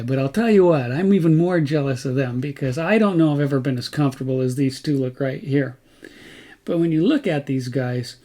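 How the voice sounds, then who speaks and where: Male vlog host, slightly raised pitch, casual outdoor narration, self-correcting and chatty. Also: darkish tone. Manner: chatty, wanders and corrects himself mid-sentence.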